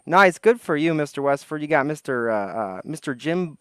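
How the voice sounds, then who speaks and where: A man's voice: on the high side, lively intonation, moderate pace, a bit bright, smooth, dry recording, studio quality. A man hosting a casual livestream outdoors, chatting with viewers and thinking aloud. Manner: rambling, greets chat, thinks aloud. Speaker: livestream host. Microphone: desk microphone.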